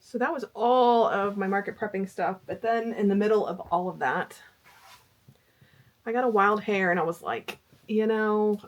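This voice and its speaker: A woman's voice: mid-range voice, moderate pace, muffled recording. A middle-aged woman vlogging about crochet in a chatty, rambling way with fillers. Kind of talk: casual chat.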